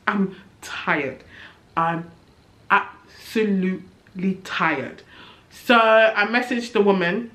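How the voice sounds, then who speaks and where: A woman's voice: mid-range voice, fairly bright tone. Young woman, chatty vlogger, exasperated, self-mocking, echoey room. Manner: chatty, exasperated, laughing at herself. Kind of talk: candid review vlog.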